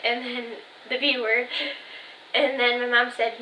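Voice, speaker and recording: Chatty twenty-year-old woman, bright voice. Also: on the high side, level tone, measured pace, a little hiss or hum. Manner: chatty storytelling, full of "like" and "um", quoting family texts. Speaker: vlogger. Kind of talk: casual chat to camera. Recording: echoey room.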